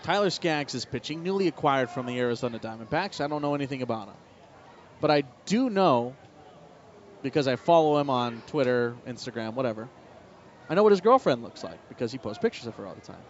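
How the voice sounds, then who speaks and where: A man calling a baseball game play by play, telling a relaxed personal story between the calls. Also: mid-range voice, fairly quick, slight background noise. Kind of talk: live baseball commentary mixed with personal storytelling. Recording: slightly muffled broadcast audio with faint ballpark ambience.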